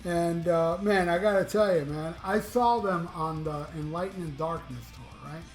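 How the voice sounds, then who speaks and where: A man's voice: fairly high pitch, unhurried. A middle-aged man from Florida, a music vlogger chatting casually about his albums, rambling and enthusiastic, swearing freely. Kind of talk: casual chat. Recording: echoey room with music playing.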